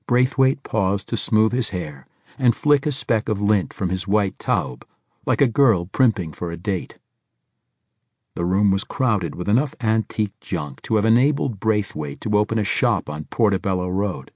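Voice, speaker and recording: Low husky male audiobook narrator. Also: a little mellow, dry recording, clean studio sound.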